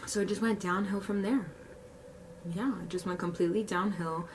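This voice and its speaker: A young woman vlogger telling a casual story, animated, acting out the quotes and saying "like" a lot. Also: medium pitch, moderate pace, distant mic, a little hiss or hum. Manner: animated storytelling, heavy use of "like", acts out quotes.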